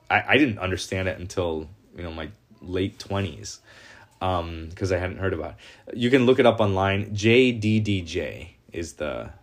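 A Lutheran man giving an informal doctrinal lesson, animated, with frequent restarts and laughing asides. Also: on the low side. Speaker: Lutheran teacher.

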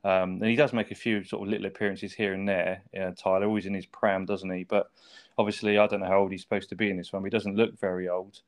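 Man, quick casual chat, lowish voice, swears and laughs. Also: level tone. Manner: chatty, swears, laughs often, asks tag questions. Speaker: podcast co-host.

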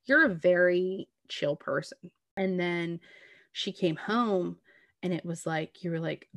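A woman's voice: on the low side, unhurried, a bit bright, no room sound. A woman in casual heartfelt conversation, talking at length in an earnest, reassuring way with lots of "like" and "you know what I mean". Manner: talkative, earnest, reassuring, full of "like".

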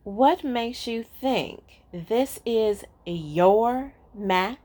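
Puzzled pet owner, mild scold, unhurried; woman narrator. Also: a little high, animated, dark tone, heavily acted.

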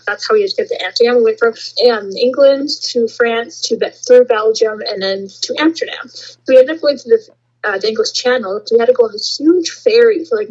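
A young woman with a high, breathy voice rambles excitedly through her story. The recording sounds dull and lo-fi. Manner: excitable, rambling, says "like" a lot. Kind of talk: casual chat.

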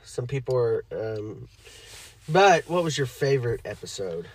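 A man's voice: medium pitch, sing-song, unhurried, slightly rough. A man co-hosting a podcast, chatting casually, with loose, crude, laughing humor. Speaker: podcast co-host. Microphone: studio microphone.

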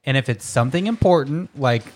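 A man's voice: medium pitch, animated, fairly quick, a little mellow. A man co-hosting a podcast, speaking bluntly and firmly in casual chat. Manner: blunt, firm. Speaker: podcast co-host.

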